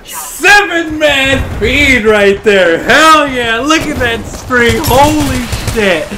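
A man commentating his own shooter gameplay in an excitable way, swearing often and laughing or shouting at big moments. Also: extremely high pitch, takes it slowly, noisy background. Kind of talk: let's play commentary.

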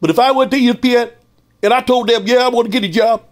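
A man putting on a mocking, loud and excitable impression of a male sportscaster. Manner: fast, high, shouty caricature.

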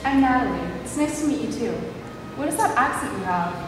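A woman's voice: high voice, lively intonation, brisk. Teen girl playing a friendly schoolgirl, hall reverb, distant mic, music behind. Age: teens. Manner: bright, friendly. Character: friendly teenage schoolgirl, curious and warm.

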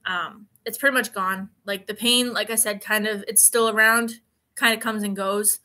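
A woman's voice: mid-range voice, fairly even intonation, normal speed, sharp tone. A woman in her late twenties chatting casually on a live stream, telling rambling stories with plenty of fillers. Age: 20s. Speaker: vlogger.

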